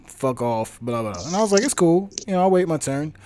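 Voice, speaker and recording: A man hosting a casual chat who tells stories in a relaxed way. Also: a little high, a little fast. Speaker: host.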